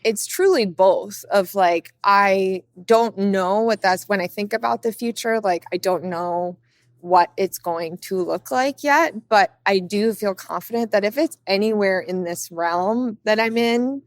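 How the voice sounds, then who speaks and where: A woman's voice: mid-range voice, a little slow, dry recording. A young woman talking casually as a podcast guest, filling her sentences with "like" as she reflects on her path. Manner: chatty, many "like" fillers. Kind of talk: casual conversation.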